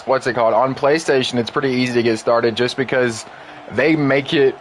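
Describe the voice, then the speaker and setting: A man at his home streaming setup talks casually over a football game, drifting through loose, filler-heavy asides at an ordinary middle pitch. A light hum of background noise sits under his voice. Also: steady tone, brisk. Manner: rambling, filler-heavy, friendly asides to viewers. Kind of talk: casual gaming stream chat. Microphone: desk mic in a home streaming room.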